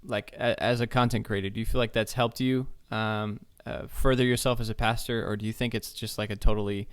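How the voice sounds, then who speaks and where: A man's voice: fairly low pitch, flat delivery, brisk, clear, resonant tone. A man hosting a casual podcast, introducing segments and asking questions with many hesitant "uh" restarts. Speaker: podcast host.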